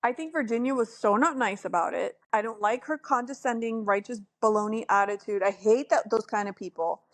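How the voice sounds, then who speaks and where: A woman's voice: on the high side, brisk. A woman co-hosting a casual podcast chat about reality TV, opinionated and emphatic, laughing often. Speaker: podcast co-host.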